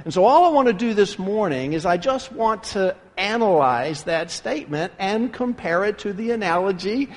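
Male pastor preaching an earnest sermon with deliberate pauses, bright high voice, recorded in a church with lingering reverb. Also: expressive. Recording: long hall reverb.

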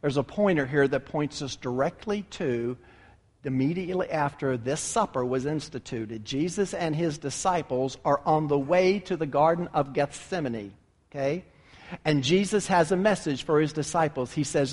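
A man preaching a sermon, expressive and acting out the quoted lines with dramatic pauses. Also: fairly high pitch.

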